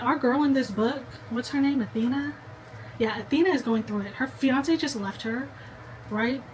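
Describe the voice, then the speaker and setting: A young woman with a slightly high voice chats to the camera at home, gushing and talking straight to her viewers. A faint hiss sits under her voice. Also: low-quality recording. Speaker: book vlogger. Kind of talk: casual chat to camera.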